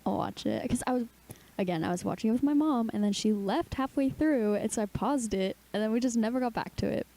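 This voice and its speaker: A woman's voice: a little high, a little fast, dark tone. A young woman co-hosting a podcast in casual chat, saying "like" often and sounding tired. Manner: chatty, says "like" often, tired. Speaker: podcast co-host.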